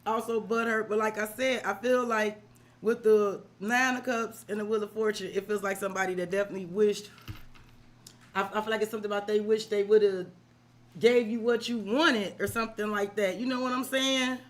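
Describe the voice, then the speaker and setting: A woman's voice: mid-range voice, steady tone, normal speed. A woman reading tarot on a live stream, talking to the client in casual, profane slang and checking in with them often. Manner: addresses the client directly, checking in with "right?". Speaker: tarot reader.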